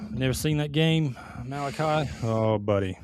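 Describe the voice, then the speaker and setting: A man co-hosting a casual gaming podcast, joking and animated in back-and-forth banter. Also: medium pitch. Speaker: podcast co-host.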